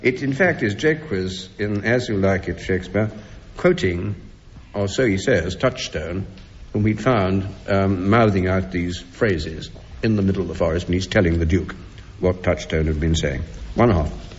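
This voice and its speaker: A man hosting a radio panel game in a theatre, giving brisk, dry scoring remarks. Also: deep voice. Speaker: quizmaster. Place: theatre stage before an audience. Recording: old lo-fi radio broadcast with hall reverb.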